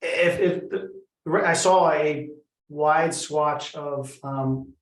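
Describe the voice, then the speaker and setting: A man attending an online meetup, asking a question in a halting way. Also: a little high, roomy sound, poor audio.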